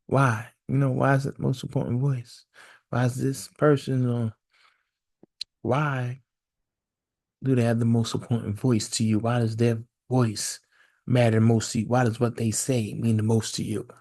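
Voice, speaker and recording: A man's voice: mid-range voice, level tone, normal speed, a little mellow. A man hosting a solo podcast, musing aloud in a casual, repetitive way and firing off one rhetorical question after another. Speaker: podcast host.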